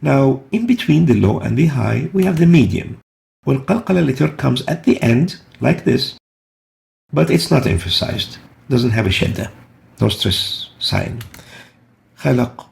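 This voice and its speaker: Patient male teacher, gravelly voice. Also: mid-range voice, sing-song, a little mellow. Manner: patient, repeats example words slowly. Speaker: Quran recitation teacher. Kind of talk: explaining tajweed rules step by step.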